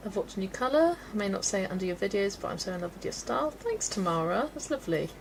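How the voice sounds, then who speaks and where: A woman's voice: mid-range voice, lively intonation, quick pace, a little hiss or hum, low-quality recording. A woman from England's West Country, chatting casually and laughing often as she reads out viewer comments while colouring on a livestream. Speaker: livestream host.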